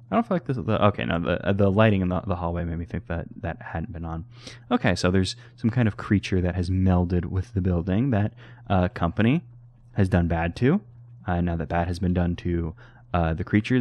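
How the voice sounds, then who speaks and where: Low-voiced man rambling through gameplay commentary. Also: brisk, no echo, highs cut off. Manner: rambling, self-correcting, wry. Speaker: let's play host.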